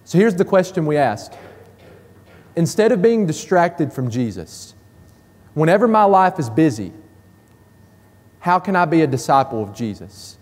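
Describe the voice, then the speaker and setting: High-voiced man preaching a sermon. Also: very animated, a little slow, long pauses, a little mellow. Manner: emphatic, repeating key phrases. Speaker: pastor. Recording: long reverb of a church hall.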